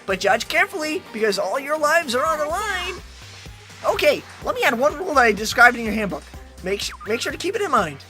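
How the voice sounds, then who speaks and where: A cruel, grinning bear headmaster cackles through his rules in a high, bright, singsong voice, as a man puts him on. His pitch leaps all over as he mocks the students. Faint game music plays underneath. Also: big pitch swings, fairly quick. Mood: gloating. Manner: high, sing-song and mocking. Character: gleeful sadistic bear headmaster, male. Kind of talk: reading a game aloud with voices.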